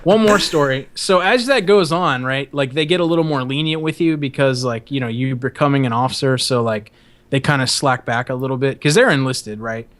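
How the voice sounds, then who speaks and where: A man's voice: medium pitch, a little fast, fairly bright tone. A man hosting a podcast, telling rambling, profane stories in a casual chat and laughing as he goes. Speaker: podcast host.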